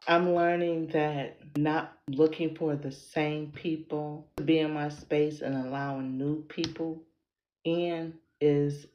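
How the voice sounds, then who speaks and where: A woman's voice: sits low, flat delivery, slow, lo-fi sound. An American woman hosting her own podcast, talking in a rambling, blunt and often profane casual monologue. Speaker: podcast host and content creator. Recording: roomy echo.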